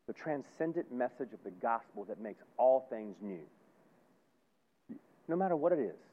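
A man preaching a sermon as pastor, folksy and emphatic, repeating phrases and swinging between loud and hushed. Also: fairly high pitch. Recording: tinny phone-like sound.

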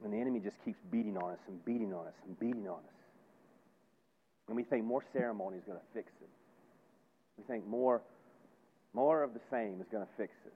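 A man preaching a sermon as pastor, folksy and emphatic, repeating phrases and swinging between loud and hushed. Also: fairly low pitch, big pitch swings, brisk, gravelly, pauses often, slight background noise. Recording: tinny phone-like sound.

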